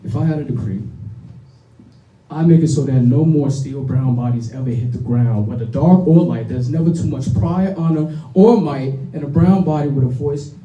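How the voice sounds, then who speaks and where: A young man with a Chicago accent delivers spoken word poetry in a rhythmic, intense, blunt way. His voice sits a bit high but sounds very dark and mellow. It is heard from a distance in an echoey room. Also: moderate pace, muffled recording. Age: young adult. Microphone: stage microphone. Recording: roomy sound from a distant mic.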